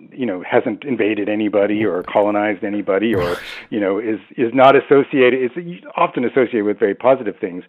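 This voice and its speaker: A man's voice: fairly low pitch, narrow, tinny audio. A man speaking as a language expert on a radio phone-in, hesitant with many restarts and fillers.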